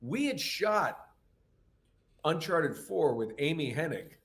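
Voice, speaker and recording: A man guest on a casual live show, telling animated stories with quick asides and quoted voices. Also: on the high side. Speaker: guest voice actor. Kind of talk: casual podcast chat.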